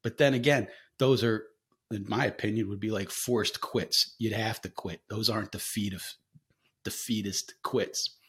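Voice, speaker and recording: A man's voice: fairly low pitch, steady tone, a little slow, fairly bright tone. A man hosting a casual solo podcast, talking candidly and rambling with frequent fillers and swearing, coughing now and then. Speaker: podcast host.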